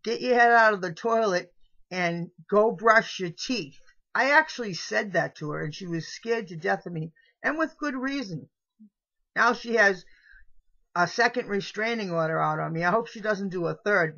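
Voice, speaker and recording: A woman's voice: on the low side, sharp tone. A middle-aged woman talking straight to camera in a rambling, confessional monologue, with frequent restarts. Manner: rambling, meandering, with trailing restarts. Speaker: vlogger. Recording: dull lo-fi home video audio.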